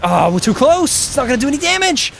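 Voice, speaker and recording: A man streaming a video game with casual commentary, excitable, swearing and begging his character to survive. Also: extremely high pitch, quick pace, gravelly, a little hiss or hum. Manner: excitable, begs and yells at the game, swears freely.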